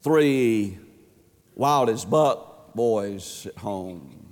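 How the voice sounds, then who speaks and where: A man preaching an emphatic sermon as a pastor, stretching words and swinging his pitch up and down. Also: lively intonation, drawn-out words, darkish tone. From Georgia, USA. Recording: long hall reverb.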